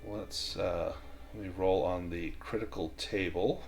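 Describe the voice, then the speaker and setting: A man as game master of a tabletop western game, calmly explaining the rules step by step. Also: low voice, a little slow, gravelly, music in the background.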